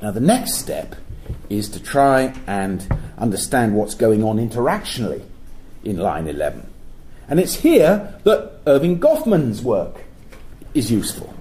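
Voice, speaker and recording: A middle-aged man giving an academic lecture at a university, explaining in a measured way and sometimes correcting himself mid-sentence. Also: mid-range voice, very animated, dark tone, a little hiss or hum, low-quality recording. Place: lecture hall.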